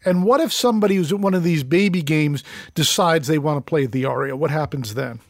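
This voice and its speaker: A man with a somewhat high voice hosts an interview, stacking several questions into one long turn. The recording is dry and close, with no room sound. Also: a little fast, no room sound. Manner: long, multi-part questions. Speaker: interview host.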